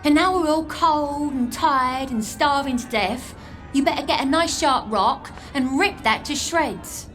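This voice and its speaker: A woman's voice: high-pitched, unhurried, fairly bright tone, faint music behind. An actress voicing a blunt, streetwise outcast young woman in a video game, with an English accent and a breezy, mocking way of giving advice. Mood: cheeky.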